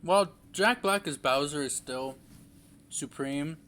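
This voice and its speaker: A man's voice: a little high, unhurried, fairly bright tone. A young man giving a casual, rambling movie review, full of fillers and restarts.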